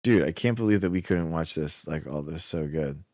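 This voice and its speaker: Young American male streamer, very low and dry, loose rambling chat full of filler. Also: a little fast, darkish tone, dry recording. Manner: rambling, says "like" and "dude" a lot. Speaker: livestream host. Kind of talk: casual chat with chat viewers.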